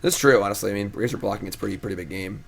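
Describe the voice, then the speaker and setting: A man streaming a card game, commenting casually and thinking out loud as he plays. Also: lowish voice, very fast, creaky.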